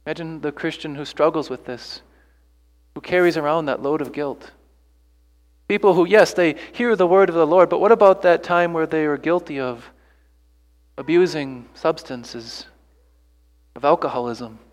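Man, pastor, sermon, earnest, rhetorical questions, fairly high voice, long reverb. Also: normal speed, pauses often. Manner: earnest preaching with rhetorical questions and repeated phrases.

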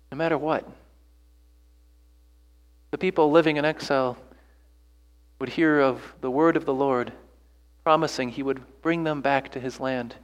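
A man's voice: fairly high pitch, in a large hall. A man preaching a sermon earnestly, pressing his listeners with rhetorical questions and repeated phrases. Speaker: pastor.

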